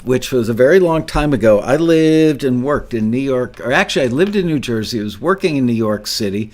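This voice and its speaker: An older man hosting an interview, telling a long story in a rambling, self-deprecating way and laughing often. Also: mid-range voice. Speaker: podcast host.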